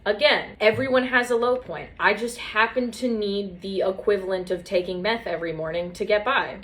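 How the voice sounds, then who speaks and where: A woman's voice: medium pitch, normal speed, fairly bright tone. A young woman telling stories in casual chat, sarcastic and swearing, mocking other people's lines in put-on voices. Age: young adult.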